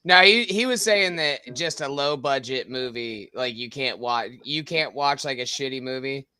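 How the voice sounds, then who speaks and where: A man's voice: medium pitch, normal speed, pushed and bright, smooth, no room sound, studio quality. A man in casual podcast banter, joking, crude and stumbling over his words.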